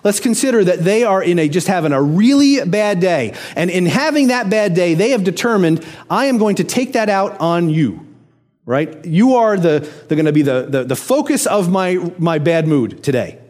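A man's voice: high-pitched, expressive, moderate pace, a little mellow. A man preaching a conversational sermon, often asking the listeners questions. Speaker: pastor.

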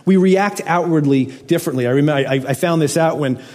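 A middle-aged pastor delivers a sermon with earnest conviction, pushing up for emphasis then sinking to hushed, low phrases. His voice sits a touch high for a man, mellow and a little husky. It rings with the long reverb of a large hall. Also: a little fast. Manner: earnest, swings between raised emphasis and hushed low lines.

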